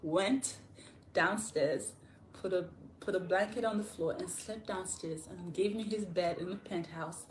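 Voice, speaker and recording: A woman casually telling a story on a phone livestream, chatty and animated, laughing often. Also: on the low side, measured pace, a little hiss or hum. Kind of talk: casual live story time.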